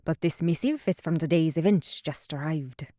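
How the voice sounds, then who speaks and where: A roguish old sailor put on by a woman in an audiobook, rough and a little brash. The recording is close and dry. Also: low-pitched, normal speed, mellow, no room sound, natural voice. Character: roguish older male sailor in disguise.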